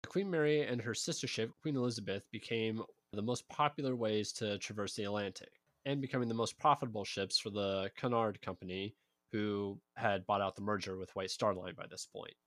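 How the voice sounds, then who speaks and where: A man's voice: lowish voice, brisk, a bit bright, no echo. Male podcast co-host, plain explainer of history, close and dry sound. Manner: explanatory, matter-of-fact storyteller. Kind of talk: casual history podcast narration.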